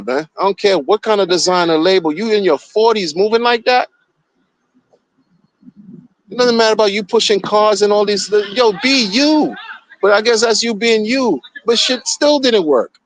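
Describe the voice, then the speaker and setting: A man's voice: high-pitched, dry recording, low-quality recording. A man streaming casual commentary, mocking and profane, repeating himself as he rants. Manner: animated, mocking, profane, repetitive.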